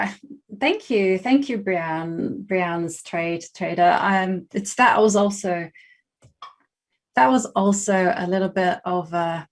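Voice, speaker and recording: A young woman with a West London English accent talks her way through chess games on a live stream. She is chatty and laughs easily, and she thinks aloud with plenty of restarts. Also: lowish voice. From England. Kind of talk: casual live-stream chat while playing chess.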